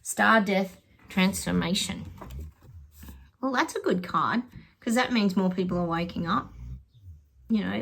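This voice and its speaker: A woman's voice: on the low side, vocal fry, husky. A middle-aged woman, a psychic, chatting casually to viewers while pulling tarot cards, rambling and laughing often. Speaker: psychic giving tarot predictions.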